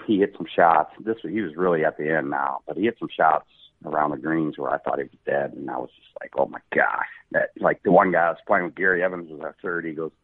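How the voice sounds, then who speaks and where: A middle-aged man spins laid-back anecdotes, laughing now and then as he talks. His voice sits low and husky. It comes through a tinny, phone-like line. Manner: relaxed, anecdotal, laughs while telling stories. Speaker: podcast guest, touring golf pro. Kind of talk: casual storytelling.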